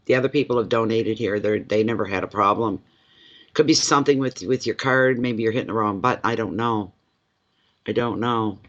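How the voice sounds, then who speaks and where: A man's voice: mid-range voice, pushed and bright. A man hosting a tarot-reading livestream, chatting casually with viewers in a rambling way and laughing easily. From eastern Canada. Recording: dull lo-fi livestream audio.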